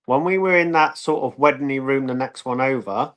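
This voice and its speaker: A man with a British accent, a guest in a casual chat, recounting events in an animated way. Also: medium pitch, a little fast. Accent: British English.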